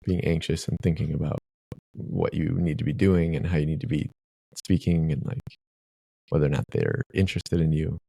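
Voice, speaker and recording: A man co-hosting a casual podcast, giving relaxed advice with lots of "like" fillers. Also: rumbling low, normal speed, vocal fry, no echo. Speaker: podcast co-host, dating coach.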